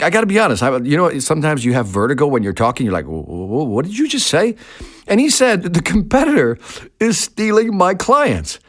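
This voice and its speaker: A man hosting a podcast, telling a sales story in an emphatic monologue and repeating his key points. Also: medium pitch. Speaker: sales trainer and podcast host.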